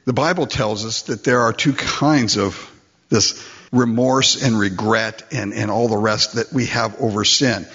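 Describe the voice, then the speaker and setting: A man preaching a sermon, animated and acting out the voices in the story. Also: fairly low pitch, unhurried, husky. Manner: animated, acts out voices in quotes. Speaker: pastor. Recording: dull lo-fi recording.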